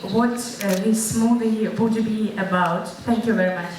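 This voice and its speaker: A woman's voice: medium pitch, normal speed. Eager woman. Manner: eager, excited questioning. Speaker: audience member asking a question. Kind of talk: audience question at a lecture. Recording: echoey hall, distant mic, audible noise.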